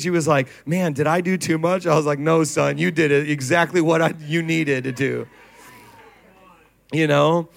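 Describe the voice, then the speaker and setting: A man's voice: a little high, fairly even intonation, normal speed, vocal fry. A man preaching to a congregation, telling stories with laughter and acted quotes. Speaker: pastor. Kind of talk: sermon. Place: church stage before a congregation.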